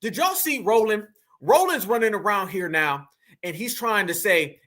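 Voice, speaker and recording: A man's voice: high-pitched, sing-song, normal speed, pushed and bright. A man hosting a reaction commentary. He talks emphatically and mockingly, repeating his points straight to his audience. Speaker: commentary channel host. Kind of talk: reaction commentary on a played clip.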